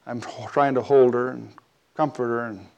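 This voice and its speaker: A man telling a personal story in a talk, animated, with big swings between loud and quiet. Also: medium pitch, normal speed, creaky, lo-fi sound.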